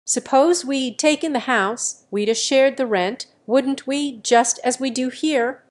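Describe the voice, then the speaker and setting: A woman voicing a big, slow-witted husband who shouts and growls at his wife in an audiobook. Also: high-pitched, voice pushed up. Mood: angry.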